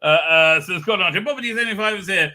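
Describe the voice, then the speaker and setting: A man's voice: high-pitched, very fast, bright, forceful tone, soft background music. A middle-aged man hosting a casual livestream, rambling through viewer comments with many fillers and restarts and an irreverent edge. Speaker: livestream host. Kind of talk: casual live chat reading viewer comments.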